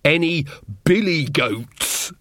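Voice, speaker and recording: A man voicing a giddy, scatterbrained male wizard bursar in an audiobook, babbling in a drawn-out way. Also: fairly high pitch, animated, pushed and bright, no echo, clean studio sound, pitched above the performer's own voice, heavily acted.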